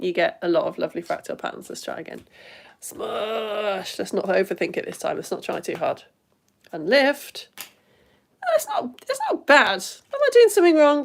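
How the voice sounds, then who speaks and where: A woman hosting a live stream lesson, chatty and excitable, reading out viewer comments and laughing often. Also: a little high, vocal fry. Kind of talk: casual live-stream chat.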